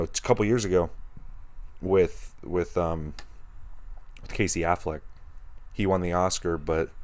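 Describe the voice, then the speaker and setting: A man's voice: deep voice, no echo. A man hosting a podcast, chatting casually and rambling with many restarts as an enthusiastic film fan. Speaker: podcast host. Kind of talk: casual chat.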